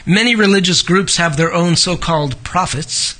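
Man, preacher, high-pitched, bright and forceful tone, expository sermon, reads scripture then comments, rhetorical questions. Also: moderate pace. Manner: asks the listeners rhetorical questions.

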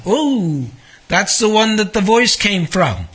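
A man's voice: sits high, expressive, takes it slowly, pushed and bright. A man teaching a Bible study, conversational and asking his listeners questions. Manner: conversational, asks the audience questions.

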